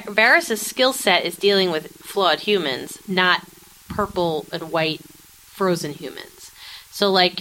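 A woman's voice: mid-range voice, sharp tone, poor audio. A woman co-hosting a casual podcast, chatting animatedly and acting out quotes from a TV episode. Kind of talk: casual chat recapping a TV episode.

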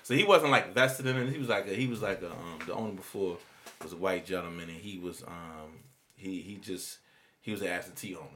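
A man telling a story in casual chat, slangy and animated, jumping his voice up to act out quoted people. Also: deep voice, fairly quick, a little hiss or hum.

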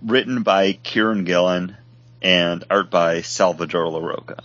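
A man's voice: sits low, fairly even intonation, measured pace, fairly bright tone, no echo. A man co-hosting a podcast, talking casually and animatedly about comic books, sometimes acting out short quotes. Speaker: podcast co-host. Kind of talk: casual comic book discussion. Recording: dull lo-fi podcast audio.

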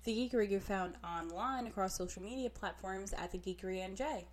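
A woman's voice: medium pitch, brisk. Teasing, giggly podcast co-host woman. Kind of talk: casual podcast banter.

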